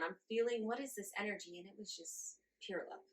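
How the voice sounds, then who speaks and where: A woman in her forties, a guest in an interview, telling her story in a lively way, laughing often and acting out her own reactions. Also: medium pitch, quick pace. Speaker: guest channeler.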